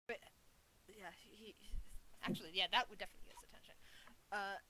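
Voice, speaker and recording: Bright-voiced woman game master. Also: mid-range voice, fairly even intonation, fast, slight background noise, low-quality recording. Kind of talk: narrating a tabletop game.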